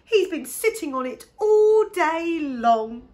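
A woman reading aloud, voicing an excitable young girl piglet in a high, loud voice. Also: slow pace, heavily acted. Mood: excited.

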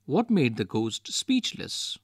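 A man's voice: mid-range voice, sing-song, slow, husky, no room sound, studio quality. A man with an Indian English accent reading a textbook story and its questions aloud for a lesson. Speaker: lesson narrator.

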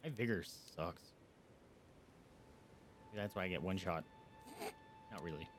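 A man streaming a video game, commentating live, excitable and yelping and swearing at the action. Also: low-pitched, a little slow, background noise.

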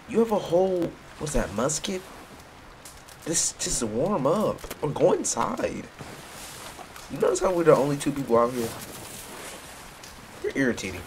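A man doing comedic gameplay commentary in a joking, slangy, animated way. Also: medium pitch, a little hiss or hum. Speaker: gaming YouTuber. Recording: background music under voice.

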